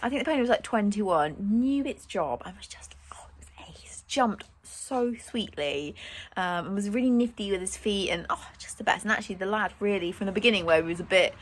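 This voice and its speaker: A woman's voice: medium pitch, lively intonation, brisk. A young woman chatting casually to camera as a riding instructor, talking about her day with a chatty, self-mocking manner. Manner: chatty, warm-hearted, laughs at herself. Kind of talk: casual vlog chat to camera. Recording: noisy outdoor recording.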